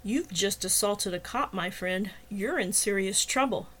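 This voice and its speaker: A woman voicing a jealous, hotheaded male police officer who blusters and shouts in an audiobook. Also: mid-range voice, measured pace, natural voice. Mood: threatening. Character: angry jealous male cop, bulky and hotheaded.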